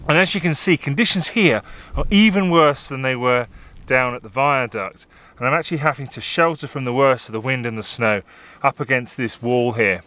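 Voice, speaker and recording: A man's voice: medium pitch, moderate pace, bright, forceful tone. A man, a landscape photographer talking to camera outdoors on snowy, windy hills through a small camera mic. He is chatty and self-deprecating, with light jokes. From southern England. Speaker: landscape photographer and workshop host. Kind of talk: outdoor vlog commentary to camera. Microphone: small on-camera microphone. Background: wind.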